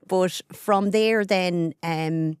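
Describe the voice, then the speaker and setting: In a casual podcast interview, the guest is a Carlow woman in her forties who works as a journalist and radio presenter. She talks quickly and animatedly with her hands, in a fairly low voice with a clean tone. The studio-quality recording has no echo.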